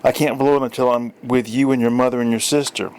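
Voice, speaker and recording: A man's voice: medium pitch, fairly even intonation, quick pace, darkish tone, clear, resonant tone, natural voice, rough recording. A man voicing a polite, jumpy explorer who is easily flustered.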